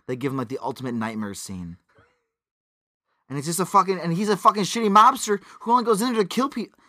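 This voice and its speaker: A man co-hosting a casual movie review podcast, animated and profane, laughing often. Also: sits high, fast talker, no echo, clean studio sound. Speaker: podcast co-host.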